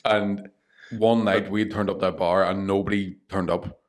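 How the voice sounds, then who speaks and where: A young man with a Northern Irish accent, a comedian telling animated stories on a podcast, swearing freely and laughing through them. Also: low voice, measured pace. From Northern Ireland. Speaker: comedian guest. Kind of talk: casual storytelling.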